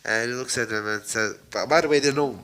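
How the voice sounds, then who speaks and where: A man's voice: medium pitch, a little fast, bright, forceful tone, rough recording. A man casually retelling a fan story, rambling with fillers and asides.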